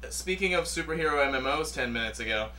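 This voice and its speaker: Bright-voiced man, slightly off-mic. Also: a little high, animated, fast talker, far from the mic. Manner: hesitant, many fillers and restarts. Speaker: podcast co-host. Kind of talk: casual podcast banter.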